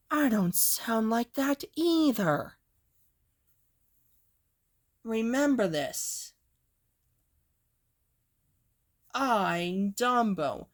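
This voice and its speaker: A woman's voice: on the high side, fairly bright tone, exaggerated voice. A woman doing Dumbo, a rambling young elephant. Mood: insistent. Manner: rambling, slow and sing-song. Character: young male baby elephant, earnest and chatty. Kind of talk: amateur character voice play.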